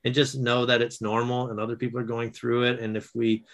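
A man, a guest author and educator, telling stories in casual conversation, animated, with quick restarts. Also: medium pitch. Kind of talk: casual storytelling.

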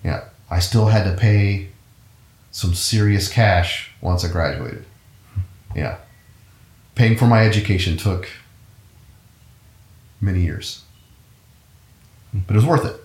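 A middle-aged American musician, appearing as an interview guest, tells his story in an easygoing, rambling way and often corrects himself. His deep, slightly mellow voice is slow and pause-filled, and the recording has a roomy echo.

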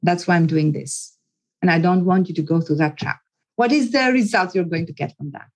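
Earnest husky-voiced woman psychologist. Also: fairly low pitch, a little fast, poor audio. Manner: earnest, repeats words, often restarts sentences. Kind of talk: interview guest telling a personal story.

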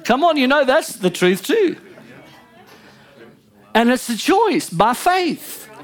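A woman pastor preaching a sermon in an animated way, swinging between loud emphasis and low murmured asides, often calling out "come on" and "amen" to the congregation. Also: slow.

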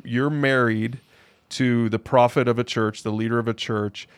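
A man's voice: medium pitch, fairly even intonation, moderate pace, dry recording. A man, a pastor and co-host, talking in a casual discussion and reading scripture aloud, incredulous and emphatic, repeating his phrases.

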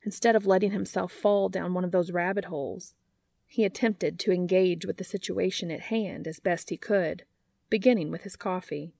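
A woman's voice: fairly low pitch, fairly even intonation, normal speed, gravelly, a little mellow, dry recording. A woman narrating fan fiction aloud in a wry, dry storytelling manner.

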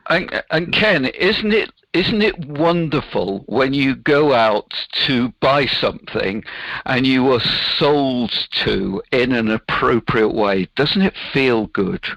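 A man's voice: medium pitch, animated, slow pace, vocal fry, a bit bright, dry recording, muffled recording. A man, a business founder answering interview questions in an earnest, explaining way.

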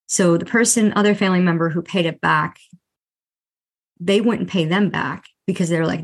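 Low-voiced woman telling a personal story. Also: normal speed. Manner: lively retelling with quoted dialogue. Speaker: podcast host.

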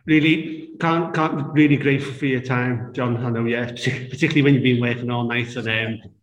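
Interviewer in an echoey room. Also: male voice, mid-range voice, fairly even intonation, fairly quick. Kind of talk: casual interview. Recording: roomy with long reverb.

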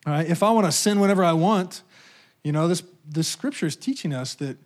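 A man preaching a sermon in a conversational way, checking in with the congregation and acting out quoted thoughts. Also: fairly quick. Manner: acts out quoted thoughts and voices with sudden pitch jumps. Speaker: pastor.

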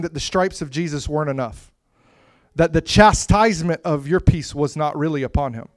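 A man preaching a sermon with impassioned delivery that swells to loud, emphatic peaks and drops to soft, hushed lines. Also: fairly high pitch, normal speed, dry recording, studio quality.

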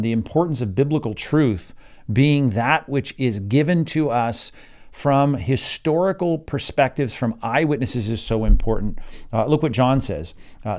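Man teaching Bible study, steady mid voice. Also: mid-range voice, normal speed. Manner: conversational, with frequent fillers and emphatic stresses. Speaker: pastor leading Bible study.

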